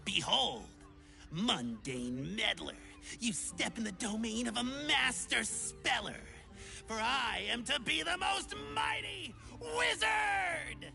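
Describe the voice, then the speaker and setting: A woman voicing an eager, chatty small male would-be adventurer in a video game, talking in an excitable, theatrical way. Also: fairly high pitch, slow, vocal fry, music in the background, full character voice.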